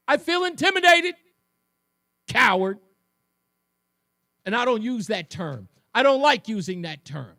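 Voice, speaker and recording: A man's voice: a bit bright, no echo, clean studio sound. A man hosting a talk radio show, delivering a fiery, mocking monologue and taking callers. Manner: fiery, mocking, mimics others in shrill voices. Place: radio studio.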